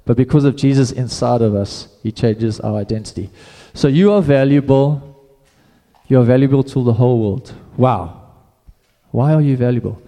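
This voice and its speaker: A man's voice: mid-range voice, moderate pace, dark tone, in a large hall. A man preaching a sermon in a casual, conversational way, often restarting his phrases.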